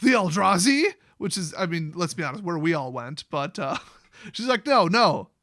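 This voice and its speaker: A man's voice: fairly high pitch, animated, normal speed, fairly bright tone, dry recording, studio quality. A young man giving a sarcastic, rambling comedic recap of a fantasy story, swearing casually as he goes. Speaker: YouTube lore host.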